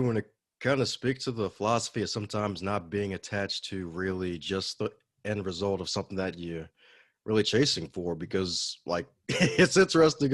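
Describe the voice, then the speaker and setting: A man's voice: lowish voice, dry recording, clean studio sound. A man hosting a podcast interview, eager and affirming as he reacts to his guest and asks questions. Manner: eager, affirming, laughs easily. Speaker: podcast host. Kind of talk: casual interview conversation.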